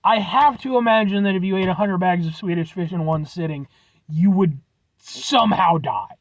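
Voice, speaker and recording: A man's voice: high-pitched, moderate pace, highs cut off. A man reviewing snacks on his vlog, rambling and joking, swearing casually as he signs off. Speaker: food review vlogger.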